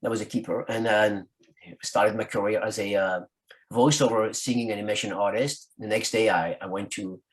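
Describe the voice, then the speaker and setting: Low-voiced man. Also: normal speed. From France. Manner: animated, acts out quoted voices. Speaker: guest, rock singer. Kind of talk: casual storytelling in an interview.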